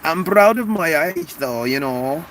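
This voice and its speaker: A man's voice: lively intonation, measured pace, a bit bright, slight background noise. A man in his forties chatting casually on a livestream, laughing often and joking about doing accents. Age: 40s. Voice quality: voice not very deep. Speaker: livestream host. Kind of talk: casual livestream chat reading comments.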